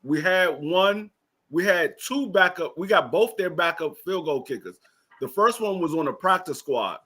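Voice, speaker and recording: A man joins a casual football chat and teases his co-host with a laugh never far off. His voice is bright and slightly high. His pitch moves a lot as he tells his side. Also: expressive, normal speed, husky. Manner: teasing, laughing, explains at length.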